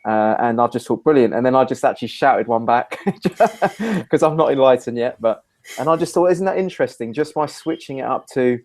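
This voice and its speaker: A man, hosting a talk show and telling a lively personal story in casual conversation. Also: moderate pace. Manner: animated storyteller, rising pitch when acting out his own quoted lines. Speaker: podcast host.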